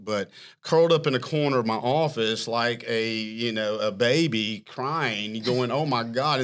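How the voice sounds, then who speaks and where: A company CEO appears as a podcast guest, telling a long story in a casual interview in a mid-range voice. He's animated and self-mocking, laughing as he talks.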